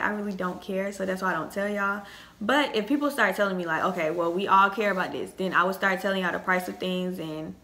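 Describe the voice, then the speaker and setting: Chatty young woman with a gravelly edge. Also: medium pitch. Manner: chatty, excitable, addresses viewers directly. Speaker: haul vlogger. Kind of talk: casual chat to camera.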